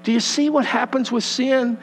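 A man preaching a sermon, animated and folksy, acting out the voices of the scripture passages. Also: very high voice, normal speed, faint music behind. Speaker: pastor. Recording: long hall reverb with mains hum.

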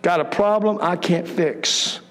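Pastor, male, high voice, fervent sermon delivery, echoing sanctuary. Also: measured pace. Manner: emphatic, impassioned preaching. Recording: long hall reverb.

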